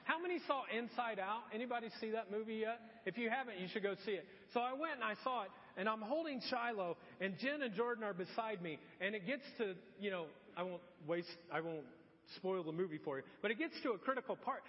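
A man's voice: high-pitched, a little fast. A middle-aged man preaching a sermon as pastor, telling stories and acting out voices. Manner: animated storytelling with acted-out voices. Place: church. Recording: dull sound in a long-reverb church hall.

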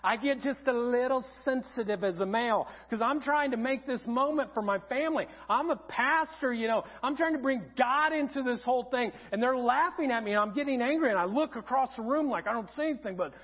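A man preaching a sermon as pastor, telling humorous stories in an animated way in a church auditorium. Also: very high-pitched, a little fast, few pauses. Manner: humorous storytelling, animated and lively. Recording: dull sound in a reverberant auditorium.

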